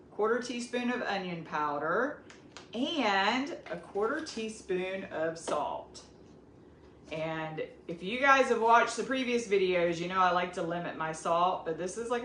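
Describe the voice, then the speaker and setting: A woman's voice: medium pitch, a bit bright. A woman with a Southern US accent hosting a casual cooking demonstration, chatting straight to her viewers. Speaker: cooking video host. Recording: echoey room with faint background noise.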